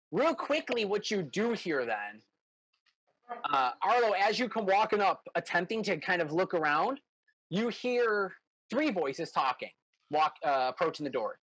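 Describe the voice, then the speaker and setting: Husky game master narrating. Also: male voice, high-pitched, unhurried, dry recording, poor audio. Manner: relaxed, hesitant narration with fillers.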